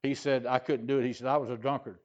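Medium-pitched and flat in delivery, this older Louisiana pastor speaks quickly, with the recording's highs cut off. His sermon drifts through a personal story told in a folksy style, heavy on "he said" and "uh."

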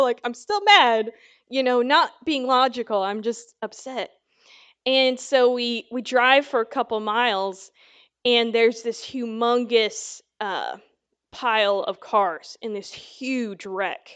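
A woman's voice: a little high, a little slow, a bit bright, clean tone. Chatty woman giving a casual sermon. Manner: chatty storytelling with many fillers. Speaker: Bible teacher.

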